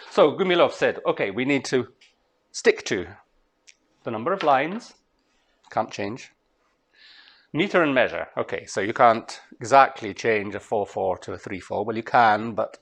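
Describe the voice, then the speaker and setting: A Scottish man giving a master class on translation, talking to students in a lively way and chanting rhythms aloud. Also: mid-range voice. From Scotland. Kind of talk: lecture to students. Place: lecture hall.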